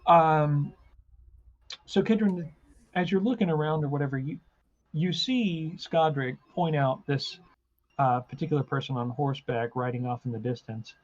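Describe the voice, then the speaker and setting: A man narrating as game master of a tabletop game, halting often with ums and restarts. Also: on the high side, muffled recording. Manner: hesitant, full of ums and restarts.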